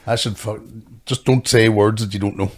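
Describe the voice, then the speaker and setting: Sweary Northern Irish man, fast banter. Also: lowish voice, fairly even intonation. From Northern Ireland. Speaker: podcast co-host, comedian. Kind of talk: casual chat.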